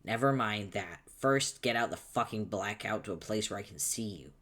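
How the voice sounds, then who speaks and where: A man voicing an angry, foul-mouthed young male troll, shouting insults impatiently, reading a webcomic aloud. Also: on the low side, animated, moderate pace. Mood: irritated.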